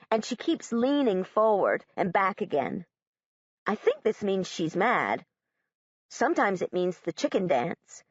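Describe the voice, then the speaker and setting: Woman, audiobook narration, first-person girl, matter-of-fact, lively pitch, dull dry recording. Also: no room sound. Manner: literal, measured, matter-of-fact.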